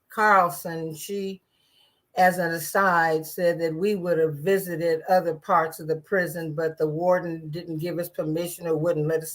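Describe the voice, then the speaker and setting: A woman giving casual political commentary in a sarcastic, rambling way, with many restarts and asides. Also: fairly low pitch.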